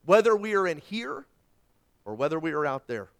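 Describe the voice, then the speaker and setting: A middle-aged man preaching a sermon as pastor, swinging between hushed lines and loud, dynamic delivery. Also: on the high side, big pitch swings, moderate pace.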